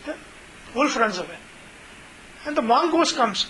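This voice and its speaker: A man's voice: extremely high pitch, sing-song, measured pace, crowd noise, rough recording. A man teaching an informal scripture class, chatty, full of "you know" and retold stories. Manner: chatty, many fillers, retells stories.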